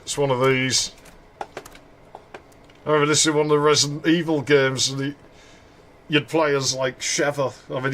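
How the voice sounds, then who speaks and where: A man's voice: medium pitch, fairly bright tone, slight background noise. A man giving joking, rambling commentary while playing a game. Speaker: streamer. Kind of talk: casual gameplay commentary.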